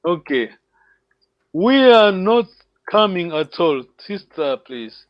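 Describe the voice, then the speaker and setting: A man teaching an online language lesson, patient and encouraging, repeating words slowly for his students. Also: sits high, sing-song, no echo. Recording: dull lo-fi call audio.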